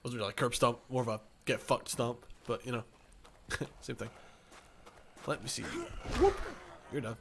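A man's voice: mid-range voice, normal speed, vocal fry, pauses often, noisy background. A man casually commenting on his own gameplay, rambling, correcting himself and chuckling as he goes. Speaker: gaming channel host. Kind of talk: casual let's-play commentary.

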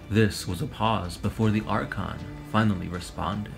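A man narrating a science-fantasy war story with steady drama. His voice sits low with a gravelly edge, and faint music plays beneath. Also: moderate pace, poor audio.

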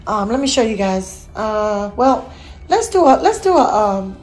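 A woman's voice: medium pitch, sing-song, a little slow, a little mellow. A middle-aged woman hosting a home vlog, chatting to her viewers in a folksy, encouraging way. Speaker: vlog host. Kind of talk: casual chat to viewers.

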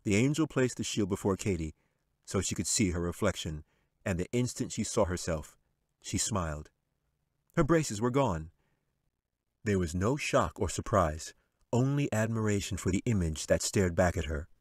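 Deep-voiced man narrating a story. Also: breathy edge, no echo, studio quality. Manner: measured, expressive storytelling. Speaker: author reading his novel. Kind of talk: audiobook narration.

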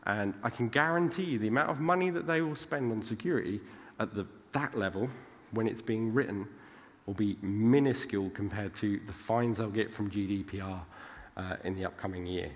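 A man's voice: on the low side, normal speed. A British man giving a casual conference talk, chatty and forever checking in with "right?". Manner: chatty, tags lines with "right?". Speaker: conference speaker. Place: large conference hall. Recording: long hall reverb.

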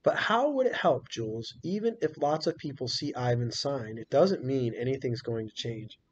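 A man's voice: mid-range voice, expressive, normal speed, a little hiss or hum, natural voice. Weary, cautious father, read by a man, dry and skeptical, in muffled lo-fi sound. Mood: doubtful. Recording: dull lo-fi recording.

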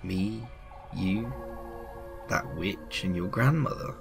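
A man voicing a sinister male demon who bargains for souls, reading game dialogue in a silky, mocking, slow and hushed voice. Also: low voice, vocal fry, music in the background, exaggerated voice, low-quality recording. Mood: sly.

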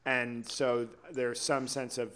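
A man's voice: mid-range voice, little pitch movement, slow pace, a bit bright, smooth. Male podcast host, agreeable chat. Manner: agreeable, builds on the guest's points. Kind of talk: casual podcast conversation.

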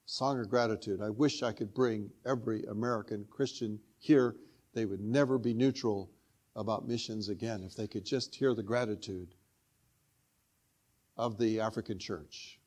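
Older man preaching an earnest sermon. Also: medium pitch. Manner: earnest personal storytelling. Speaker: guest preacher.

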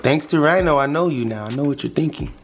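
A man's voice: fairly high pitch, fast talker. A young man vlogging casually at home, talking playfully and dotingly to a new puppy. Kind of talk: casual vlog chat.

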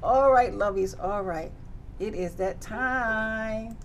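A woman with a slightly high voice leads circle time for young children at a slow pace, with a little hiss or hum in the audio. She's playful and sing-song, singing nursery songs and reading a picture book full of animal sounds and big exclamations.

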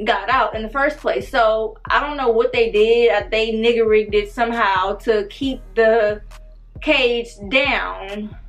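A young woman, telling a story in a loud, animated, profane way. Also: fairly high pitch, a little slow, highs cut off, soft background music. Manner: animated, profane, dramatic retelling. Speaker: storytime vlogger. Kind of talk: casual storytime.

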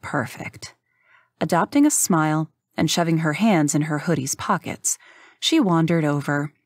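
In clean studio quality with no echo, a woman reads an audiobook, her low-sitting voice keeping a measured, even storytelling pace.

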